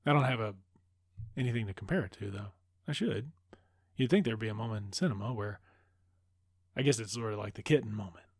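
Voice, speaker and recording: A man's voice: on the low side, fairly quick, long pauses, husky, no echo, studio quality. A man casually retelling a film's plot with enthusiasm and plenty of swearing. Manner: loose, profane, enthusiastic retelling. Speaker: film recap host. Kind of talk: casual film recap.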